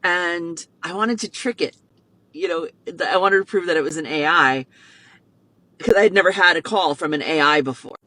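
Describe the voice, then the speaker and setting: A middle-aged woman, a mother, telling a personal story in an animated way and acting out the voices in it. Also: on the low side, normal speed, low-quality recording. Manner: excitable, acts out voices in her story.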